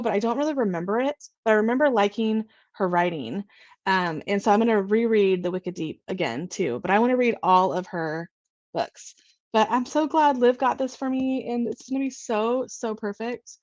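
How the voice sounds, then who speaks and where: A woman's voice: medium pitch, no echo, highs cut off. Bubbly, gushing young woman streamer. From California. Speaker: livestream host. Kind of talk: casual livestream chat.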